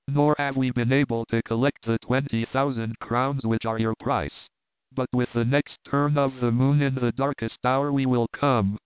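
A man's voice: medium pitch, smooth, dry recording, close to an everyday voice. Angry medieval king, commanding and accusing, read by a man, dry, narrow-band audio. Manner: stern, accusing.

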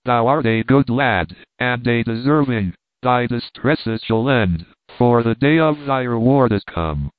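A man's voice: mid-range voice, animated, unhurried, hardly any pauses, no echo, close to an everyday voice. A man doing a kindly solemn dwarf. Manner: archaic formal speech. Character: tiny magical male dwarf, kindly and solemn. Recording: tinny phone-like dry recording.

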